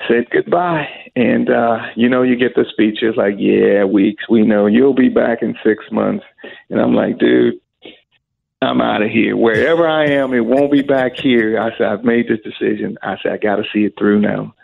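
A middle-aged man with a gravelly, husky voice tells a lively story as an interview guest. He acts out the voices of the people in his tale. The sound is thin and phone-like. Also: medium pitch, moderate pace. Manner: animated storyteller who acts out quoted voices. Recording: phone-like narrow audio.

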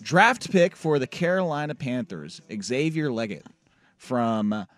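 Laughing sports radio host, filler-heavy. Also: male voice, mid-range voice, very animated, measured pace, soft background music. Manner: playful, laughs often, many fillers. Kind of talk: casual radio banter.

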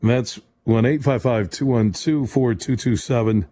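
Male sports radio host, mellow voice, fast-talking, opinionated. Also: mid-range voice. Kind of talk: late-night sports call-in show. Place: radio studio.

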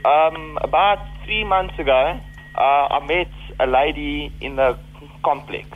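A man speaking hesitantly over a dull phone line, filling his sentences with pauses and little fillers. There is clear noise behind him on the call. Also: on the high side. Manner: hesitant, casual, lots of fillers. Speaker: caller, son.

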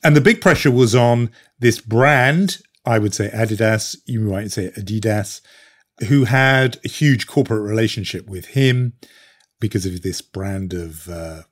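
A British man hosts a news podcast, thoughtfully talking through stories in a conversational way with frequent fillers and restarts. His voice is medium-pitched and his pace measured.

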